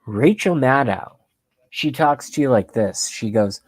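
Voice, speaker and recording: An agitated man rants into his webcam in a comic political tirade, swearing freely and lurching from loud outbursts to near whispers. His pitch sits in the middle range, and the sound is close and dry, with no room echo. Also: animated, unhurried. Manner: agitated and profane, swinging between shouting and hushed whispers. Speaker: channel host ranting on camera.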